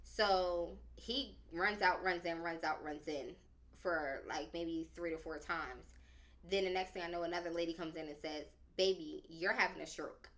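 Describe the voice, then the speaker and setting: Young woman on a podcast going thru her story, kinda low voice but bright and punchy, lots of "like". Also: moderate pace. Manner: animated and dramatic, slangy, lots of "like". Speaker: podcast speaker. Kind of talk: casual storytelling.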